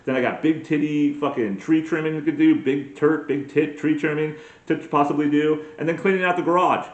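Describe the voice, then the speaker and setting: A man's voice: on the high side, steady tone, moderate pace, echoey room, lo-fi sound. A man in his forties doing a crude, self-mocking comedic monologue as a podcast host, full of profane rants. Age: 40s.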